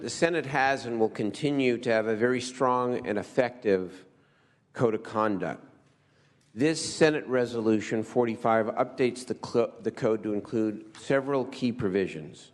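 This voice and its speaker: A male legislator delivers a formal floor speech in a steady, middle-pitched voice. His talk is measured and deliberate, with the occasional restart. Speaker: legislator presenting a resolution. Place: legislative chamber.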